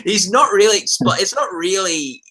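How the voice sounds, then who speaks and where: Lively, bright-toned male panelist. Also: high-pitched. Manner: animated, retells scenes with lots of "like" and quick restarts. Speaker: entertainment writer on a recap panel. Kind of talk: casual panel discussion.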